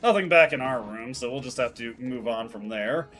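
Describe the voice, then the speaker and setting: A man streaming a video game, chatty and quick to laugh as he comments on the game. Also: mid-range voice, expressive, fairly bright tone, soft background music. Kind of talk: game commentary while reading dialogue aloud.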